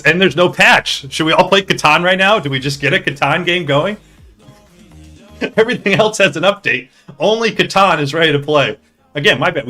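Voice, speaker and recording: A man streaming live, talking straight to his chat in a joking, excitable way with the odd swear word. His voice sounds bright and forward, and faint music plays underneath. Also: a little high. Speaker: streamer hosting a hockey league draft.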